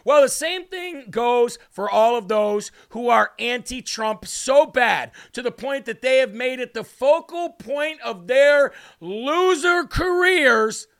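A man hosting a political commentary livestream, mocking and ranting with bursts of shouting. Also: very high-pitched, animated, a little slow, creaky, hardly any pauses, clean tone. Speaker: livestream host.

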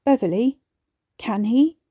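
A woman's voice: on the high side, slow, dark tone, husky, no echo, clean studio sound, pitched above the performer's own voice. A woman reading a grief-broken grown man. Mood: distraught. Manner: broken, gasping, pleading. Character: distraught grown man, grief-stricken and pleading.

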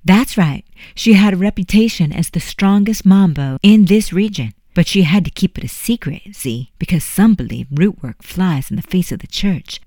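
Voiced by the narrator, a patient, wise woman tells old family lore in a folksy, unhurried way. Her voice sits a little raised and full, and the read is dry and close. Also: mid-range voice, expressive, mellow, no room sound, pitched above the performer's own voice. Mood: telling lore. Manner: folksy dialect, unhurried storytelling.

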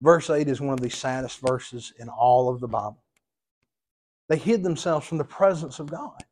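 A man's voice: mid-range voice, normal speed, darkish tone. A man, preaching a sermon as pastor, impassioned and emphatic.

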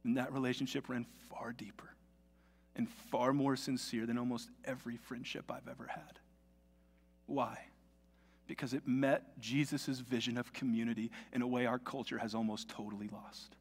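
A man's voice: medium pitch, level tone, moderate pace, gravelly, breathy edge. A male pastor preaching a sermon in a church, in a conversational, storytelling way. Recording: long reverb of a large hall.

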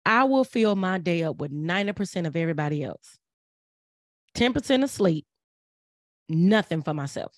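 A woman's voice: on the low side, lively intonation, moderate pace, pauses often, dry recording, clean studio sound. A middle-aged woman, speaking in an earnest, preachy way and repeating phrases for emphasis. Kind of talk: casual motivational talk.

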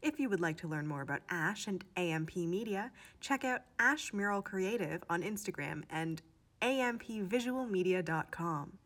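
A woman hosting a podcast, asking questions and reading the sign-off in a friendly, clear way. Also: fairly low pitch, lively intonation, moderate pace, a bit bright. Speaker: podcast host. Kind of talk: scripted podcast host reads.

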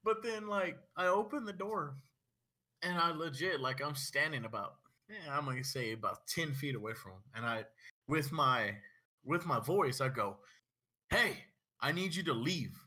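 A young man in casual chat, telling a story with animated, laughing energy. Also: on the high side, moderate pace.

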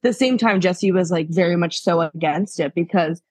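Husky-voiced woman telling her story. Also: lowish voice, normal speed, a little mellow, dry recording. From Pennsylvania, USA. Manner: chatty, laughs often, acts out what people said. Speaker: podcast guest sharing her pregnancy story. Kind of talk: casual conversational storytelling.

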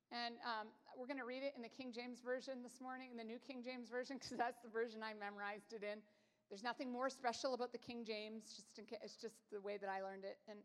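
A woman preaching a sermon, earnest and emphatic, talking conversationally with fillers and restarts. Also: on the high side. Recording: long hall reverb.

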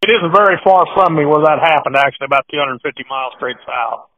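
A man's voice: fairly high pitch, quick pace. A man from Nebraska who breeds cattle, talking casually and a bit rambling as a podcast guest over a phone line, often repeating his words. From Nebraska, USA. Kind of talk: casual phone interview and joke telling.

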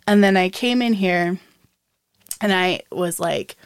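A woman's voice: on the low side, takes it slowly, clear, resonant tone, no room sound. A young woman co-hosting a podcast, chatting casually and telling stories, acting out what people said and laughing often. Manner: chatty storytelling, acts out quotes with laughs. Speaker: podcast co-host. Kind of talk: casual chat.

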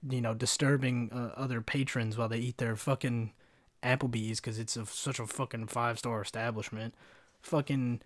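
A man's voice: mid-range voice, steady tone, moderate pace, no room sound. A young man hosting a casual solo podcast. He rambles through stories with lots of slang and swearing. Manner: rambling, slangy, profane storytelling. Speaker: podcast host.

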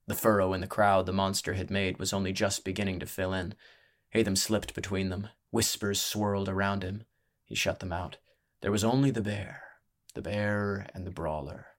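A man narrating a fantasy story in a measured, hushed, dramatic manner. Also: sits low.

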